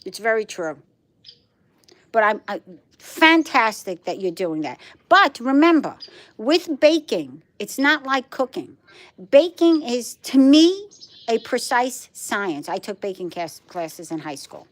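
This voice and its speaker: A middle-aged woman from Brooklyn, New York, hosts a relaxed livestream chat with viewers in her Brooklyn accent. Her medium-pitched, fairly bright voice is very animated yet unhurried, and she's emphatic and repetitive.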